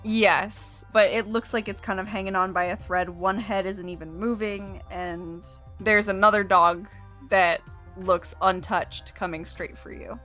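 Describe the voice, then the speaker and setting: A woman runs a tabletop game as its game master. She talks in an easygoing, relaxed way, giving rulings and narrating the action at a middling pitch. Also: unhurried, soft background music.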